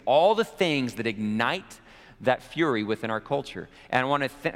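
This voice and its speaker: A pastor delivers a sermon in an ordinary mid-range male voice, pressing the congregation with rhetorical questions. He swings between raised, emphatic passages and quieter, softer ones. The sound carries a long hall reverb. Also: medium pitch.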